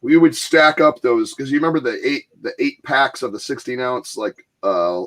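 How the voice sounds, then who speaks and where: A man's voice: medium pitch, moderate pace, fairly bright tone. Laughing man in casual chat. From Michigan, US. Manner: rambling, laughing, acts out quoted voices. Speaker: podcast host.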